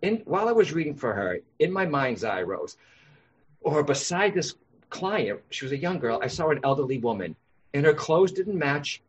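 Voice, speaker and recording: Man, husky voice, medium pitch, guest on a podcast, animated storytelling, dull sound. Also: moderate pace. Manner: animated, acts out voices in anecdotes.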